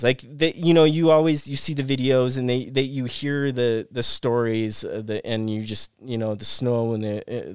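A man's voice: lowish voice, clear, resonant tone, no echo, studio quality. A middle-aged man, a former pro snowboarder, retelling an avalanche rescue as a podcast guest in a rush of restarts and repeated phrases. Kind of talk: casual storytelling interview.

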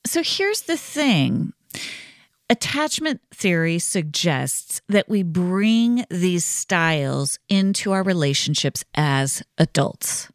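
A woman's voice: lowish voice, very animated, slow pace, dry recording. Reassuring woman podcast host, dry sound. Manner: warm reassuring, conversational with many "right?" asides. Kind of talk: solo podcast teaching.

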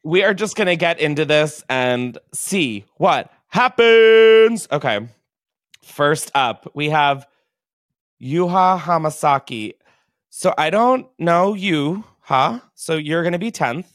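A man's voice: a little high, lively intonation, slow pace, fairly bright tone, dry recording, studio quality. A man hosting a casual podcast from his basement, emotional, giggly and casually swearing. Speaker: podcast host.

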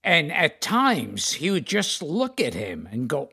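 A man co-hosting a casual interview, telling a story in a halting way with repeated words. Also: on the high side, huge pitch swings, creaky, bright, forceful tone, husky. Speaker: podcast co-host.

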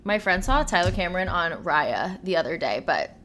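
Woman, bright voice, giggly, chatty podcast co-host, casual talk. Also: fairly low pitch, big pitch swings, a little hiss or hum. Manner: chatty, giggly, quick to exclaim. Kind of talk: casual chat.

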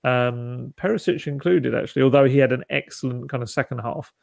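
A man's voice: medium pitch, fairly quick, creaky, no room sound. A man co-hosting a football podcast, chatting casually with lots of restarts and asides. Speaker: podcast co-host.

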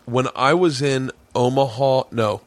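A man with a medium-pitched voice speaks a little slowly, with no echo, while hosting a podcast from his man cave. He swaps loose, profane stories in casual chat, rambling and joking as he goes.

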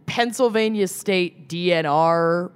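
Tired, lower-voiced woman telling a story. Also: slow, clean tone. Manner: animated storyteller with frequent laughs. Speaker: podcast co-host. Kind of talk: casual chat, telling a story.

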